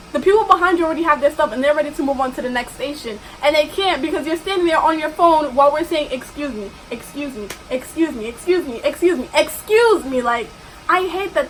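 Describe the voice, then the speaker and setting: A young woman rants straight to camera about her job, exasperated and emphatic. Her voice sits high. A faint hiss runs under the recording. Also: fairly bright tone, poor audio. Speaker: vlogger. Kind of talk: ranting storytime vlog.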